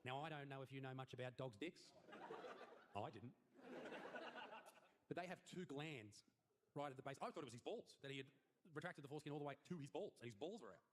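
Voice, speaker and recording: A young Australian man performing a stand-up comedy routine in a crude, mock-earnest way, his voice jumping high on the punchlines. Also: expressive, a little fast, pauses often, heavy background noise. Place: comedy stage.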